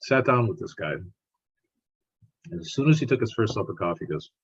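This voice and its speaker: A male scientist tells stories on a podcast in a lively, repetitive way. His voice is low and very husky, rising and falling a lot. The audio sounds muffled. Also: normal speed. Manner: animated, repeats words while telling stories. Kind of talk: storytelling in conversation.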